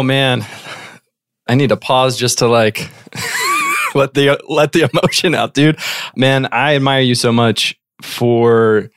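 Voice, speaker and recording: A man's voice: lowish voice, clean tone, no room sound, clean studio sound. A man hosting a podcast, talking to his guest in a casual, earnest and admiring way. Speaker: podcast host. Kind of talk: casual interview chat.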